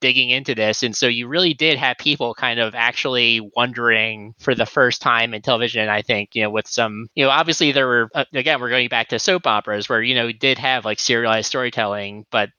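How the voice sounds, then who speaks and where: A man's voice: medium pitch, fairly even intonation, a little fast, few pauses, pushed and bright, clean tone, no echo, dull audio. A man co-hosting a podcast in casual chat, rambling with lots of fillers and restarts. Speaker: podcast co-host.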